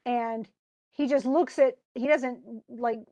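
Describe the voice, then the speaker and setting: A woman's voice: fairly high pitch, fairly even intonation, slow, mellow, no echo. A woman teacher casually explaining a play, chatty, restarting often and paraphrasing in slang.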